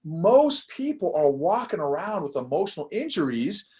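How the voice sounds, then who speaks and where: An older man talking as a podcast guest in a casual interview, animated and prone to quick restarts, laughing as he tells a story. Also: on the high side. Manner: animated, laughs while telling stories, frequent restarts. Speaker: podcast guest, course creator.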